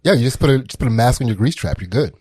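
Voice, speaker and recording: A man trading stories and deadpan quips on a casual comedy podcast. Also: mid-range voice, very fast, slightly rough. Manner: lively storytelling, deadpan quips.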